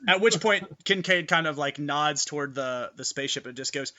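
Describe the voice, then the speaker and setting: Guy gm narrating a tabletop rpg, lots of ums, bright kinda high voice. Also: moderate pace. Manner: loose, filler-heavy narration. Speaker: game master.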